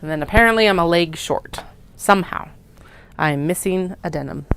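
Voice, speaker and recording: A woman's voice: fairly low pitch, normal speed, creaky, fairly bright tone, a little hiss or hum. A woman chatting to herself while cutting fabric in her studio, casual and self-mocking. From Canada. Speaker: craft maker. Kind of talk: casual work-along vlog narration. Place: home sewing studio.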